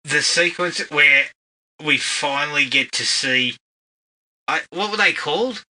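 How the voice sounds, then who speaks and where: High, lively man, slow talker. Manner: slow, animated, giggles through retellings. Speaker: podcast co-host. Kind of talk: casual film review chat.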